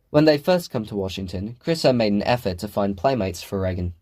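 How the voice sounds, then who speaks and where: A man reading a novel aloud as an audiobook narrator, in a measured storytelling manner. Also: on the low side, expressive, a little mellow. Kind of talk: scripted narration.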